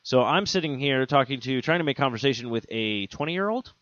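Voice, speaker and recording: A young man tells a comic story on a podcast, jumping into loud, exaggerated voices for the people in it. The audio is dry and a little dull, recorded close on a home mic. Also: mid-range voice, brisk, no room sound. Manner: animated, acts out quoted voices loudly. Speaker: podcast co-host. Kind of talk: casual comedic storytelling.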